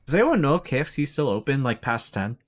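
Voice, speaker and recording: A man chatting casually while reading a game aloud on stream, goofy and self-deprecating with slangy asides. His pitch moves a lot, and faint music plays behind him. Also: sing-song, fast talker.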